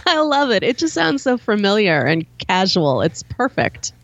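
A young woman from Chicago with a Chicago accent, hosting a podcast in casual chat. She sounds relaxed and laughs easily. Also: mid-range voice, normal speed, muffled recording. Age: young adult. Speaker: podcast host.

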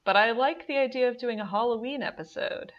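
A woman's voice: fairly high pitch, fairly quick, muffled recording. A woman hosting a podcast in casual chat, easygoing and playful. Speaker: podcast host.

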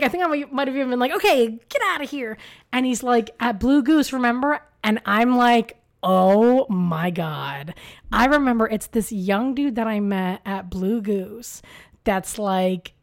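A woman co-hosting a podcast, telling a story in casual chat, animated and swearing freely with lots of fillers. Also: fairly high pitch. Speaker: podcast co-host.

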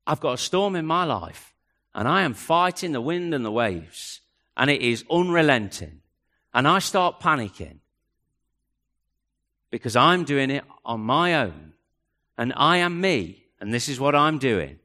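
Male pastor, mid-life, bright lively delivery that drops to a hush. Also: mid-range voice, measured pace. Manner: dramatic, rising and dropping to near hush. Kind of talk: sermon.

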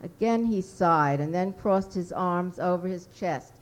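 A woman reading her own fiction aloud at a writers' workshop, measured and deliberate. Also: fairly low pitch, low-quality recording.

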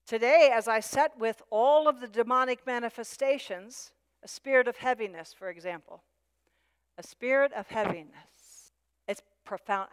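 A woman's voice: on the high side, clean tone. A woman preaching a sermon with emphasis, repeating her key phrases. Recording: long hall reverb.

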